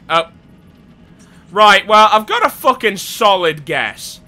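A man's voice: on the high side, sing-song, unhurried, sharp tone, faint music behind. Sweary British man narrating gameplay. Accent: British English. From England. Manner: rambling, sweary, sardonic asides. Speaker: gaming YouTuber. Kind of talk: let's play commentary.

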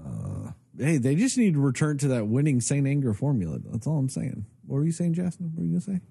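A man's voice: mid-range voice, quick pace, creaky, husky, dry recording, studio quality. A man co-hosting a podcast in casual chat, ranting and swearing a lot as he talks. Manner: profane, ranting, animated. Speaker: podcast co-host.

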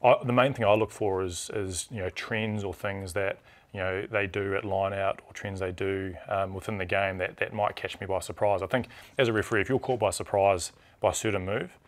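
Speaking low, a rugby referee from New Zealand chats casually in a studio as a guest. His delivery is fast and lively, full of restarts.

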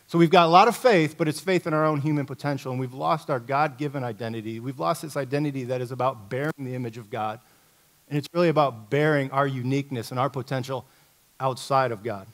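A middle-aged man from Indiana, a coach giving a talk at a church, telling a story in a lively, conversational, self-mocking way. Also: medium pitch, quick pace. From Indiana, USA.

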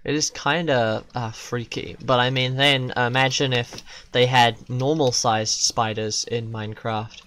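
A man streaming a video game, giving casual commentary that swings from loud, profane yelps to quiet muttering. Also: medium pitch, steady tone, measured pace, hardly any pauses, slight background noise.

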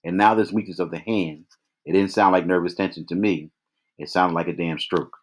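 Deep-voiced man reading a novel aloud. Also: steady tone. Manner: measured, with occasional restarts. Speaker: reader. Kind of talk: read-aloud novel narration.

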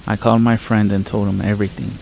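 Man, horror story narrator, very deep, gravelly, steady hushed reading. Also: fast talker, slight background noise, rough recording. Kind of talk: scripted narration of scary stories. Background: rain sounds.

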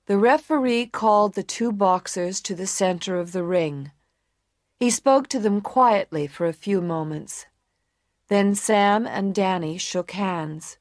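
A woman narrating a storybook for English learners. Her delivery is slow and carefully clear, with a medium pitch and an even reading pace throughout. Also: dry recording, studio quality.

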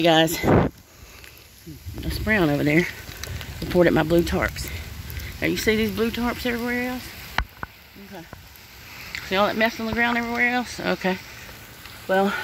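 A woman's voice: mid-range voice, slight background noise, poor audio. A middle-aged woman, ranting bluntly and swearing in a casual outdoor vlog in the rain. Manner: upset, blunt, swears, says "honey" and "y'all". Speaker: vlogger. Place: outdoors in the rain by her yard.

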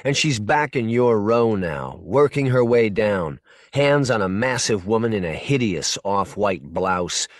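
A man narrating a short story for an audiobook in a measured, intense second-person voice. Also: lowish voice, expressive, no room sound, clean studio sound. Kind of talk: scripted narration.

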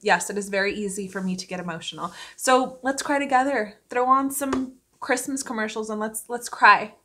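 A woman's voice: a little high, fairly quick, a bit bright, a little hiss or hum. A young woman, an actress, chatting emotionally and casually at home for her vlog, laughing often. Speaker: actress and vlogger. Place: at home indoors.

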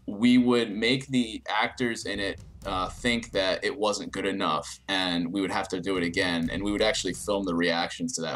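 Rambling young man telling stories. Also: lowish voice. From New Jersey, US. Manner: relaxed storytelling, frequent fillers and restarts. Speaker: interview guest, YouTube creator. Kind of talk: casual interview answers.

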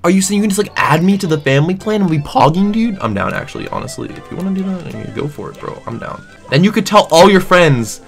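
A young man with a fairly high voice tells a comic rant as a gaming streamer. His pitch swings widely as he jokes, exaggerates and piles on casual fillers. Faint music plays behind him. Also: quick pace, vocal fry, few pauses. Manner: animated, exaggerated, jokey, many fillers like "like" and "dude".

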